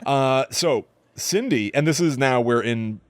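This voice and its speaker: A man's voice: medium pitch, animated, a little slow, dry recording. Wry, chatty male podcast host. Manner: wry, chatty, recounting plot with dry jokes. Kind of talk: casual movie-review chat.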